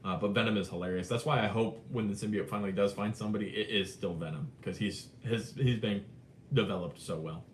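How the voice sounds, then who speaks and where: A man hosting a live movie chat, talking casually and animatedly, swinging between excited and subdued. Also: fairly quick. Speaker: live stream host. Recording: roomy with faint rumble.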